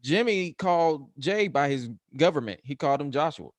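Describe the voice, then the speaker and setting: A man giving an animated casual recap of a match, acting out the scenes he describes. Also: a little high, normal speed, no room sound. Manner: acts out scenes with exaggerated quoted voices. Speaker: wrestling show co-host.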